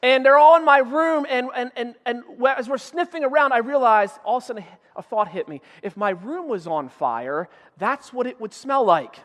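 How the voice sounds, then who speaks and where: A man with a very high voice delivers a sermon from the pulpit, telling vivid stories and swinging from loud urgent outbursts to hushed asides. His voice rings out with a long reverb that fills the church hall. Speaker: pastor. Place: church sanctuary.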